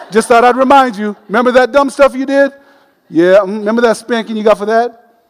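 A man delivers a sermon with a high, bright-sounding voice and a storyteller's lively humor. His words ring out with the long reverb of a large hall. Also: brisk. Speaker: preacher.

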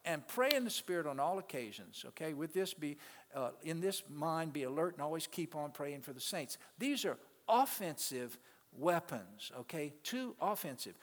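A male pastor preaching a sermon to his congregation, swinging between loud, emphatic peaks and quiet asides and calling out to the people in the pews. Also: fairly high pitch, big pitch swings, moderate pace. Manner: calls out to the congregation. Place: church sanctuary. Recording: long reverb of a large hall.

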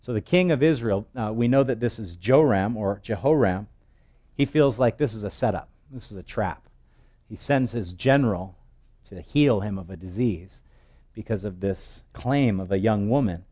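A male pastor preaching an expository sermon, telling the scripture story in a lively way and acting out its voices. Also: lowish voice, moderate pace.

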